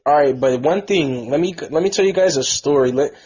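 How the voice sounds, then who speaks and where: A man co-hosting a casual podcast, speaking in a husky voice a little higher than average. He breaks in with teasing banter. The recording is dull and lo-fi. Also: fairly quick, darkish tone. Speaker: podcast co-host.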